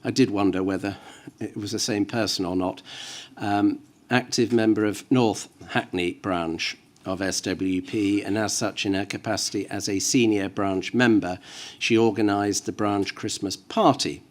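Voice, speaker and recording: A man questioning a witness at a formal hearing, measured and careful, reading out references with hesitant fillers. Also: fairly low pitch, fairly even intonation. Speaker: inquiry counsel. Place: inquiry hearing room.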